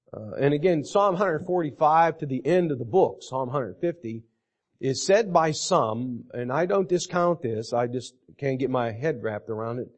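A middle-aged man preaching a sermon on a Psalm, reading verses aloud and repeating key phrases slowly for emphasis. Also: on the high side. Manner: slow and deliberate, repeating scripture phrases for emphasis.

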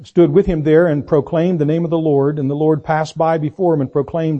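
A man preaching a sermon, swinging between loud slow emphasis and low quiet asides. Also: level tone. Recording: dull lo-fi recording.

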